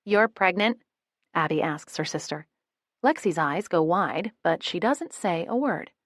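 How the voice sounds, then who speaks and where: A woman's voice: low voice, lively intonation, a little slow, dry recording, clean studio sound. A woman narrating a romance audiobook in the first person, switching into many character voices.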